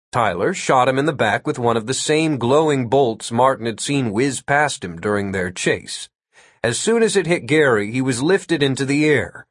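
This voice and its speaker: A man reads a fantasy story aloud in a measured, even storytelling manner, his mid-pitched voice close and dry on the mic. The delivery is clean and unhurried. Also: no room sound. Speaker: audiobook narrator. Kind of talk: scripted story narration.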